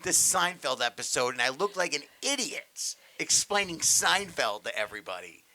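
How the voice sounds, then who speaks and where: Young man, podcast co-host, casual chat, animated storyteller, stammers, bright voice, very lively pitch. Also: normal speed.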